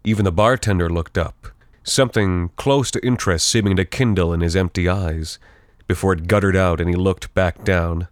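A man reads scripted fiction aloud in a steady, even storytelling voice. His pitch sits very low, and the recording is dry and close with no room sound. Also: normal speed, dry recording. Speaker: narrator.

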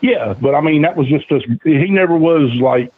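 Husky male guest explaining booking ideas over a phone-like, dry line. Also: fairly high pitch, moderate pace, dry recording. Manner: explanatory, filler-heavy. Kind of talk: casual chat.

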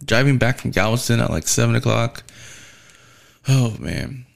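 A man's voice: medium pitch, lively intonation, moderate pace, creaky. A man working as a delivery driver tells a casual, rambling storytime rant, swearing heavily and sounding weary and fed up. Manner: profane and rambling, heavy swearing.

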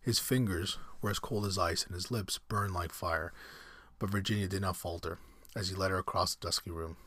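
A man reading a storybook aloud at an unhurried pace, now and then stumbling and correcting himself. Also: deep voice, fairly even intonation, bright, forceful tone, slightly rough, no echo. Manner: unhurried, with slips and self-corrections. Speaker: reader.

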